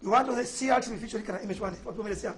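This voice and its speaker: A man speaking Cameroonian Pidgin English as a debate panelist, indignant and halting in a heated studio debate. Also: sits high, slight background noise.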